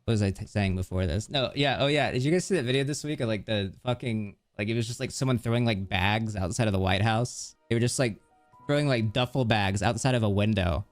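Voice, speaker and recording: On his live stream, a man talks casually over background music, rambling from thought to thought with a steady stream of "like" fillers. He speaks a little fast, his voice on the low side.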